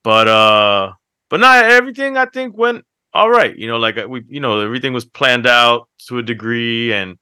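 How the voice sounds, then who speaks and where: A man on a podcast, co-hosting and telling stories in a casual, animated way that breaks into laughter. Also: medium pitch, moderate pace, smooth, dry recording, studio quality. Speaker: podcast co-host. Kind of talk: casual chat, storytelling.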